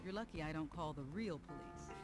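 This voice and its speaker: A cool, aloof game heiress. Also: female voice, sits low, animated, over music. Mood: stern. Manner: cool, measured, disdainful. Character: cool, aloof wealthy young woman. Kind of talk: video game voice acting.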